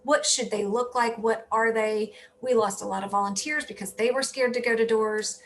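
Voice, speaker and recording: Animated woman telling campaign stories. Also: a little high, normal speed, slight background noise. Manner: animated storytelling, self-correcting. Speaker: political candidate, guest. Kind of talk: casual conversational interview.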